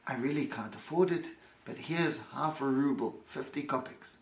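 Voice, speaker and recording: A man's voice: medium pitch, normal speed, close to an everyday voice. A man voicing a proud, gracious Jewish man who answers taunts with exaggerated politeness, in an echoey room. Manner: exaggerated politeness, warm and grateful.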